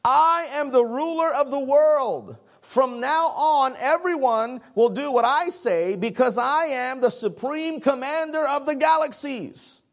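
A grandiose asylum patient bellows his claims to rule everything, as a preacher puts him on in a joke. The voice sits high and booms out at full volume. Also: unhurried, hardly any pauses. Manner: shouting, booming. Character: ranting male asylum patient, grandiose king.

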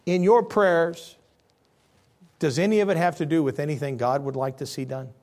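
A man's voice: fairly high pitch, moderate pace. A middle-aged male pastor preaching a sermon, rising and dropping his voice for emphasis. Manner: animated preaching, rises and drops for emphasis.

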